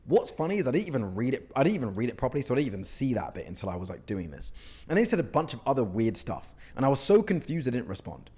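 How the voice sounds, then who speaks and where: A man's voice: medium pitch, racing, slightly rough. A young man coaching on cold outreach, blunt and mocking as he critiques messages, often tagging "okay?" onto his points. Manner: blunt, animated, mocking, says "okay?" a lot. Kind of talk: casual critique to camera.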